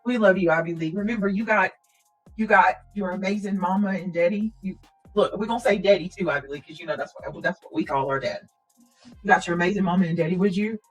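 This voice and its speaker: A woman hosting a casual livestream and talking directly to her viewers. She speaks earnestly and prayerfully, and she keeps clearing her throat and coughing. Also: lowish voice, fast talker, faint music behind, poor audio. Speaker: livestream host.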